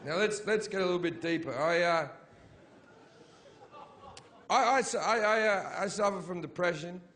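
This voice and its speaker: A man performing a stand-up set in a theatre, swearing constantly and swinging between shouted rants and low, mumbled asides. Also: moderate pace. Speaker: stand-up comedian. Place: sold-out theatre.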